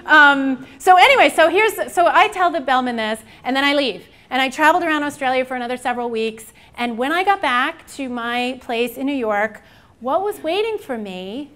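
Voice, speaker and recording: High-voiced, animated woman giving a keynote. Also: normal speed. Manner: animated, joking storyteller. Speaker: keynote speaker. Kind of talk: conference keynote speech. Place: conference hall.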